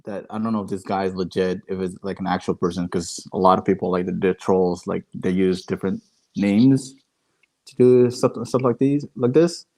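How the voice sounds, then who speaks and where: A man's voice: low voice, steady tone, normal speed, darkish tone. A man hosting a podcast over a video call, chatting casually and often searching for his words. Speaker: podcast host. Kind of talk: casual chat.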